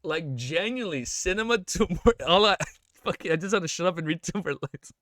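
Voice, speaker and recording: A man's voice: sits high, fairly quick, dry recording, clean studio sound. Hyped young man reading and reacting. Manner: hyped, swears a lot, slangy, stammers when excited. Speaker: streamer reading and reacting to a web novel. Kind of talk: excited reaction stream, reading aloud.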